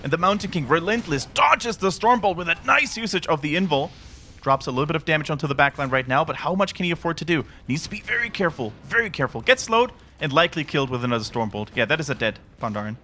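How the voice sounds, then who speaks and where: Excitable guy calling a game match play by play, high voice, bit of background hiss. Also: quick pace. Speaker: esports caster. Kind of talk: live game commentary.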